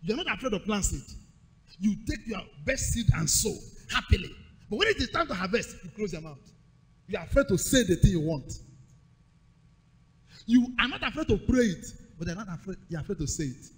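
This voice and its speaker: Man, preacher, sermon, high voice, swooping delivery, rhythmic repetition. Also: big pitch swings, brisk, slightly rough, long reverb tail. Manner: call-and-response preaching, emphatic, rhythmic repetition.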